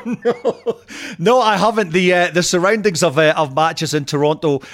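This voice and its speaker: A man's voice: a little high, expressive, a little slow, a bit bright. A man on a podcast telling football anecdotes in a chatty, laughing way, often restarting his sentences. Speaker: podcast guest. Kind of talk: casual chat. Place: home in Canada.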